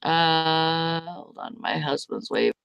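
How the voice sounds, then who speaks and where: Woman chatting on a video call, slow easy talk, laughs a lot. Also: deep voice, gravelly, fairly bright tone, clean tone, no room sound. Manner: laughs often, easygoing. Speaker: reseller on a group call. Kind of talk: casual chat.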